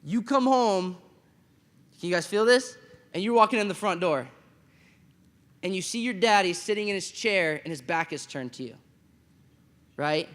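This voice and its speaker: Male chapel speaker, fairly high voice, animated storytelling sermon, long hall reverb. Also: moderate pace, pauses often. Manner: animated storytelling, acting out quotes, asks the room "right?". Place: school chapel.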